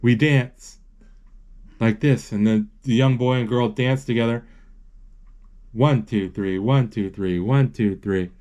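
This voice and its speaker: A man casually retelling a film as he watches it, halting and searching for words, with excited exclamations. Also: on the low side, muffled recording. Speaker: movie narrator.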